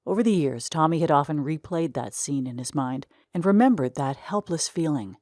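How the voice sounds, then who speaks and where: Low-voiced woman reading a short story. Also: animated, moderate pace, a little mellow, no echo, clean studio sound. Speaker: reader. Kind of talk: scripted story narration.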